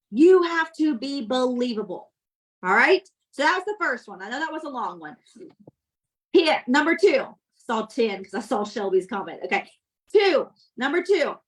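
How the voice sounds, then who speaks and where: A woman's voice: sits high, a bit bright, low-quality recording. A woman leading her sales team with a blunt, scolding and motivational manner, talking directly to her listeners. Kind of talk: motivational sales coaching talk.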